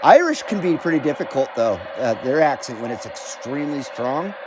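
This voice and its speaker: A man's voice: medium pitch, lively intonation, normal speed, noisy background. An American man hosting a CB radio livestream from his home radio room, chatting casually, reading viewer comments aloud and swearing now and then.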